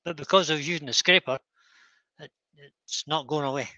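A man's voice: on the high side, brisk, bright, forceful tone, no room sound, low-quality recording. A middle-aged Scottish man hosting a woodturning livestream, chatting in a self-deprecating way and repeating words as he works. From Scotland. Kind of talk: casual livestream chat while turning.

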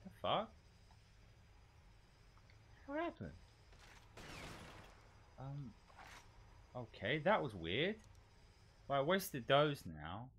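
Male gameplay streamer, animated and sharp-toned, chatty live commentary full of swearing. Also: medium pitch, slow pace, long pauses, slight background noise. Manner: excitable, swears often at enemies. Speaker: VTuber streamer.

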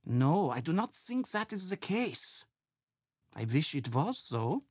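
A weary, husky castle resident. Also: female voice, low-pitched, sing-song, a little mellow, no echo, studio quality, exaggerated voice. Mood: solemn. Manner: slow, solemn replies.

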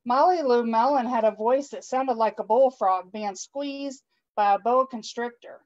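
A woman with a fairly high voice reads a children's picture book aloud, expressive and warm with the little asides she tosses to her listeners. The sound is dull and lo-fi, like online stream audio. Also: a little slow. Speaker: guest storytime reader.

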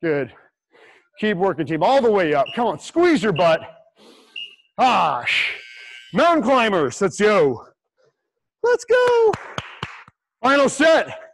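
A man's voice: high voice, sing-song, a little slow, pauses often, a bit bright, dry recording, poor audio. A man coaching a livestream workout, breathless and encouraging, counting down reps. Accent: American. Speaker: fitness coach.

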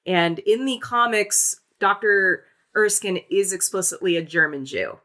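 A woman co-hosting a podcast, chatting casually about a film in an animated, rambling way full of restarts. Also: medium pitch, unhurried. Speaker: podcast co-host. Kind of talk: casual film-review chat.

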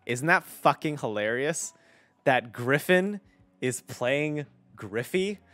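A young male streamer with a bright, lively voice that runs high and bounces around. He rambles, swears freely and fills his sentences with "uh" and "like". The sound is dry and close, with faint game music underneath. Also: slow, no echo. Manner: rambling, profane, lots of fillers. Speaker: streamer and voice director. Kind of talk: casual stream chat while playing.

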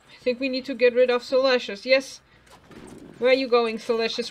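A woman's voice: fairly high pitch, little pitch movement, brisk. A woman casually commenting on a video game she is playing, chatting to the characters and making playful sound effects. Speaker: let's play gamer.

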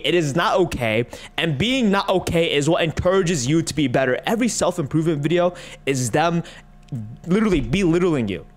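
A man with a fairly high voice rants through a reaction commentary. He is mocking and exasperated, and he swears freely. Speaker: online commentator.

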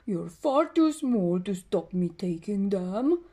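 A woman's voice: medium pitch, very animated, slow, dark tone, breathy edge, voice pushed down, exaggerated voice. A woman voicing a sly, boastful male fox who mocks a mouse in a storybook reading. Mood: mocking. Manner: mocking, laughing.

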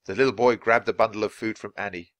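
A man reads a children's storybook aloud for English learners, clear and expressive. His low voice is bright and gravelly with a lively lilt, recorded close in a dry space. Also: quick pace, no room sound. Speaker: storybook reader.

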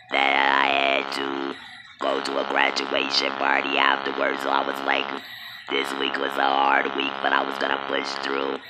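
A woman tells a personal story at a slow, unhurried pace, and her voice stays low and level. She talks in a halting way with many pauses and fillers. Loud background noise runs under the recording. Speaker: vlogger telling her birth story.

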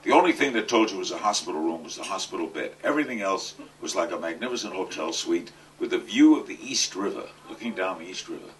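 An older man giving a comic, anecdotal speech at a charity event, delivering punchlines with deadpan timing. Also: low-pitched, quick pace, hardly any pauses. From New York. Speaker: guest speaker at a charity event. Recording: distant mic with faint noise.

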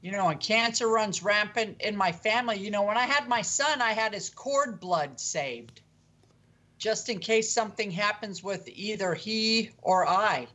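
A woman's voice: mid-range voice, expressive, unhurried, fairly bright tone. A woman on a talk panel, speaking in a plain, matter-of-fact way in casual chat. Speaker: panel guest.

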